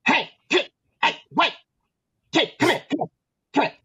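A man putting on a squawking, excited track coach. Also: very high voice, dry recording, muffled recording, voice pushed up, heavily acted. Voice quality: nasal, squawking like a cartoon villain. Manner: repeats himself in quick bursts.

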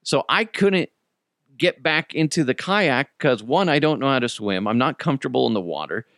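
A man, the host of a podcast, telling a story in a casual, animated way, swearing freely and laughing as he goes. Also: medium pitch, normal speed, no room sound, clean studio sound. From United States.

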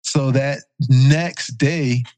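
A man's voice: medium pitch, very slow, no echo. Dry-voiced man telling a story. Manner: relaxed anecdotal retelling with fillers and self-corrections. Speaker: podcast guest, former pro football player. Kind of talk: casual storytelling.

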